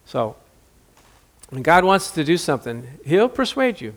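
A middle-aged man preaching a sermon in a lively, joking way, acting out the voices of Bible figures. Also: a little high, measured pace. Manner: animated, jokey, acts out Bible voices.

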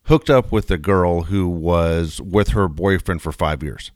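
A middle-aged co-host of a casual podcast trades storytelling banter, animatedly acting out quotes. His low voice moves at a measured pace, with clean studio sound and no room noise.

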